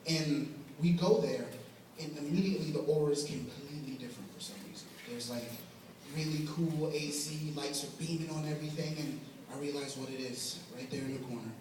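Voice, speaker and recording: A young man doing a stand-up comedy set at a talent show, rambling and self-deprecating, often laughing at his own jokes. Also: on the high side. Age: young adult. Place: large hall at a talent show. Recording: echoey hall recorded from far off, with crowd noise. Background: audience laughing and cheering.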